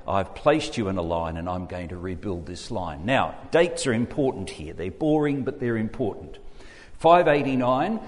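A man's voice: medium pitch, darkish tone. A man with an Australian accent, preaching a sermon and reading scripture aloud as he teaches through the text. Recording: echoey hall with long reverb.

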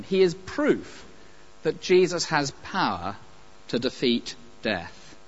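A man preaching a sermon, emphatic and animated, with pauses and light asides. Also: fairly high pitch. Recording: dull lo-fi recording.

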